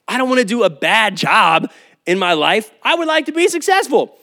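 Guy preaching, high voice, chatty lively storytelling sermon. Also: fast talker. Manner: lively storytelling with asides and laughs. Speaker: pastor.

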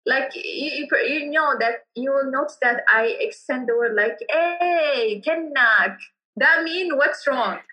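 A woman's voice: high-pitched, normal speed, hardly any pauses, pushed and bright, poor audio. A young woman from Yemen speaking English with a Yemeni Arabic accent, answering interview questions with many fillers and restarts. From Yemen, Hadramaut. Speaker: interviewee, cultural entrepreneur.

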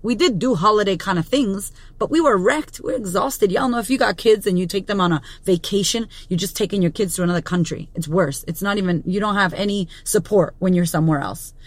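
A woman's voice: medium pitch, fairly quick, hardly any pauses, no room sound. Blunt, profane woman giving a pep talk. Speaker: business coach and podcast host. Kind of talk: motivational monologue. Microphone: studio podcast mic.

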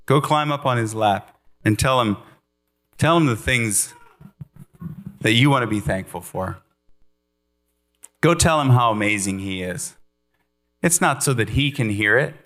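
A man preaches a sermon in an earnest, animated way and breaks into playful asides. His voice sits in the middle range. A faint electrical hum runs under it. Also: mid-range voice, measured pace, long pauses.

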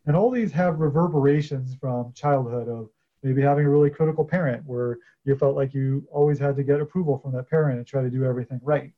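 A man, a coach guesting on a podcast, explaining his ideas in a measured way with some fillers. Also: medium pitch, lo-fi sound. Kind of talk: casual podcast interview.

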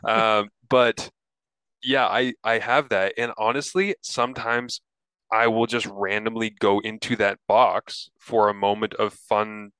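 A man in his thirties with a cold, co-hosting a casual podcast. His voice sits low and is recorded dry and close, and he tells rambling stories with a self-mocking laugh. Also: steady tone, unhurried, a bit bright, clear, resonant tone, no echo. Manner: chatty storyteller, self-deprecating, laughs often. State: sick with a cough. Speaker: podcast co-host. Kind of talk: casual chat.

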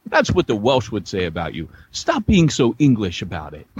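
An American man co-hosting a podcast, telling stories in casual chat with a joking, animated manner. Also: on the low side, moderate pace, dull audio, a little hiss or hum. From United States. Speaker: podcast co-host. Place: San Diego area.

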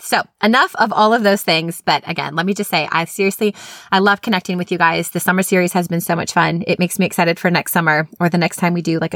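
A woman who is a literacy specialist hosts an upbeat teaching podcast, sounding enthusiastic and chatty. Her voice is lowish and a bit bright, recorded at studio quality with no room sound.

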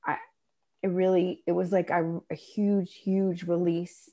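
A middle-aged woman telling a personal story in a casual chat, animated and acting out the voices of people she quotes. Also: lowish voice, a little slow. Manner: animated, acts out voices in her stories. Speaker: guest.

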